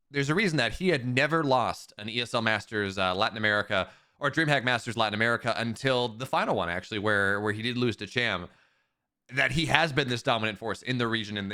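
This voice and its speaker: Bright-voiced male esports caster. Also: medium pitch. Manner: chatty, self-mocking, excitable on plays. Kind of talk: live game commentary.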